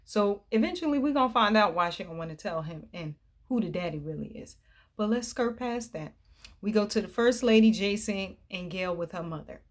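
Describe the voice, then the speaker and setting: Woman vlogger, casual and chatty, animated recap of a TV episode, mid-range voice. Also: medium pitch, brisk, hardly any pauses. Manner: chatty, animated, acts out the characters' lines. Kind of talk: casual chat.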